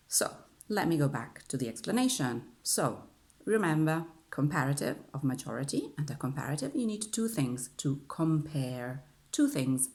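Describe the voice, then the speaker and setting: A woman's voice: extremely low pitch, animated, normal speed, a little mellow. A woman with an Italian accent, a native Italian speaker teaching an online English grammar lesson and drilling phrases with frequent "okay?" checks. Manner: drills aloud with lots of repetition and "okay?".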